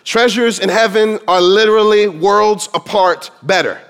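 A man with a notably high voice preaches a sermon. He leans into his points with emphasis. Now and then he slips into dramatic voices to quote scripture. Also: unhurried, fairly bright tone, smooth. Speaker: pastor.

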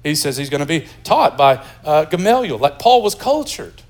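A pastor from the United States preaching a sermon in a lively, joking, conversational way. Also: male voice, a little high, moderate pace.

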